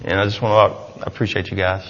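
A man's voice: sits low, level tone, fast talker, fairly bright tone, in a large hall, highs cut off. A man giving an earnest, rambling personal testimony in church, with many restarts. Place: church hall.

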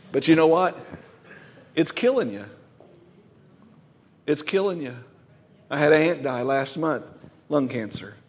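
A man preaching a Pentecostal sermon, emphatic, swinging from loud exclamations to quiet asides. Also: mid-range voice, long reverb tail, a little hiss or hum. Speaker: pastor.

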